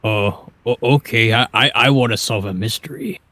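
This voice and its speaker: An eager, good-natured ogre in a fantasy tabletop game who stammers over his words, keen to help and a little slow on the uptake, as a man plays him in a mid-pitched everyday voice. He talks casually as a player at the table. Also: pushed and bright, dry recording. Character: gentle, dim-witted ogre sailor.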